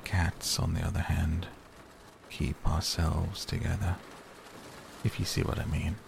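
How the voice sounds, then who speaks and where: A haughty storybook cat with a low, gravelly voice, as a man reads him, unhurried and dry. He drawls each remark with lofty calm, as though nothing else could matter. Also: noisy background, exaggerated voice. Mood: dry aloof. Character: aloof, dry, self-assured male cat.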